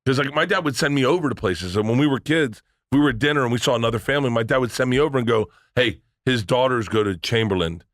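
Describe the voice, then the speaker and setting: Animated middle-aged man telling stories. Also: mid-range voice, fast, hardly any pauses, dry recording, studio quality. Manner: animated storyteller who acts out quoted voices, swears freely. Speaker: podcast guest. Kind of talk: casual storytelling chat.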